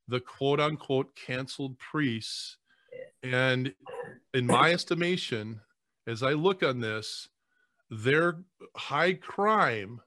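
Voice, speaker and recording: A man, a priest, speaking earnestly on a podcast, often halting and repeating words as he chokes back tears. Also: medium pitch, fairly bright tone, dry recording, studio quality. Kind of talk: emotional podcast conversation.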